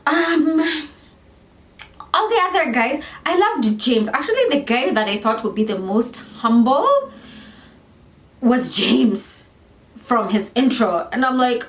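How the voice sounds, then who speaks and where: A young woman vlogger chatting casually about a reality show, animated and rambling, often correcting herself. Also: a little high, takes it slowly, pauses often, echoey room. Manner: animated, rambling, self-correcting, lots of fillers.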